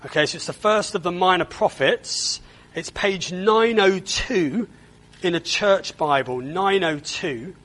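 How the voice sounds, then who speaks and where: Man, preacher, sermon, high-pitched, earnest, repeats words for emphasis. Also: measured pace, a bit bright, rough recording. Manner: earnest, repeats words when stressing a point.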